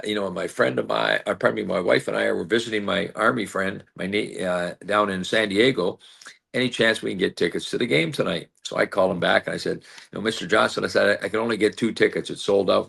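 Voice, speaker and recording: Telling stories during an interview, the sixty-something ex-player and team broadcaster speaks low with vocal fry, sounding husky and a bit bright. His talk is packed with fillers and acted-out quotations.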